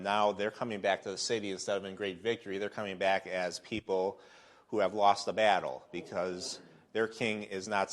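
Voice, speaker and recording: Middle-aged man, very low voice, conversational Bible teacher, church classroom. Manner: conversational, with fillers and restarts. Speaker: Sunday School teacher. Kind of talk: Bible lesson.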